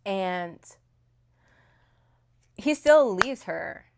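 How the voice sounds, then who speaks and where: A woman's voice: mid-range voice, animated, very slow, creaky, slight background noise. A young woman in casual, rambling chat, retelling a novel's plot with lots of fillers and restarts, recorded on a phone. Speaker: book reviewer. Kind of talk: casual book review chat.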